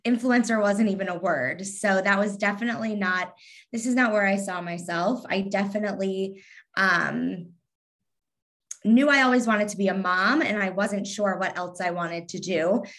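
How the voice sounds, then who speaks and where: A woman's voice: mid-range voice, normal speed, fairly bright tone. A woman in her thirties from Kentucky with a light Southern twang, talking casually as an interview guest in a sarcastic, witty way with lots of ums. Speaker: guest, Instagram influencer.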